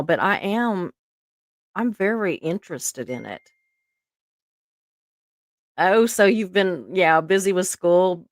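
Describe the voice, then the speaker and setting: Chatty Southern woman with a low voice. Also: dry recording, clean studio sound. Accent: Southern US, Georgia. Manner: rambling and chatty, says "y'all" often. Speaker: livestream host. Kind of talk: casual chat to a live audience.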